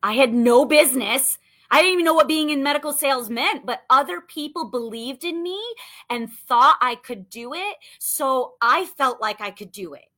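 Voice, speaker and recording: A woman in her thirties coaching listeners on sales, telling a story in an animated, chatty way full of "like". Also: high-pitched, moderate pace. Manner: animated, chatty, lots of "like" and acted-out quotes. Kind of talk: motivational storytelling talk.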